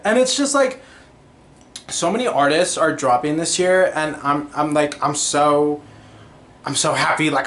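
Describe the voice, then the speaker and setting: A young man talks on his own podcast in a loose, gushing ramble, leaning hard on filler words and bursting into bits of song. His voice sits a little higher than most men's. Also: fairly bright tone. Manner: chatty, gushing, lots of "like" and sung snippets. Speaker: podcast host. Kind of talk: casual solo chat.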